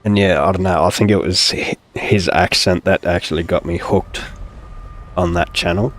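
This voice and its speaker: A man's voice: low voice, normal speed. A young man chatting casually and hesitantly while playing a game, with lots of fillers. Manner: relaxed, rambling, hesitant with fillers. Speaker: gaming streamer. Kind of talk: casual gameplay chat.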